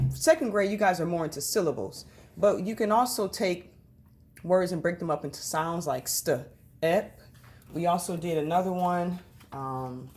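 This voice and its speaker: A woman teaching a reading lesson to children, speaking slowly and sounding out each syllable. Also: lowish voice, darkish tone.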